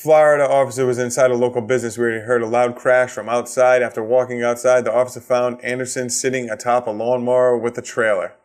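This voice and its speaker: A Boston-accented man hosting his own comedy podcast. He rants sarcastically and swears constantly, in a mid-pitched voice into a podcast mic. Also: flat delivery, fast, few pauses. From Massachusetts. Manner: profane, ranting, sarcastic. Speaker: podcast host. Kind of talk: solo comedic rant.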